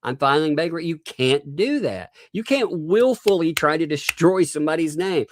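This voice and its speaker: A man hosting a casual livestream, reading court filings aloud with sarcastic asides and laughs. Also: fairly high pitch.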